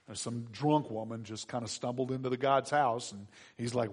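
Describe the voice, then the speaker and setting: A man's voice: mid-range voice, normal speed, few pauses, husky. A man preaching a sermon as pastor, conversational and joking, with frequent fillers and restarts.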